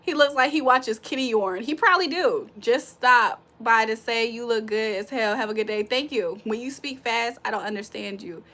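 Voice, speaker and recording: Woman livestream host, high and bright, roasts her chat, breaks into loud laughter. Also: normal speed, few pauses. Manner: trash-talking, laughs loudly. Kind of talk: casual live chat.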